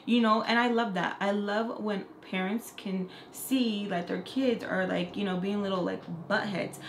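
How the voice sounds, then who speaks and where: Young woman vlogger, casual storyteller who swears and mimics her clients, mid-pitched, recorded in a roomy, echoey space. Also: steady tone, a little slow, slight background noise. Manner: chatty, profane, acts out quoted people. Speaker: makeup artist and beauty vlogger. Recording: echoey room.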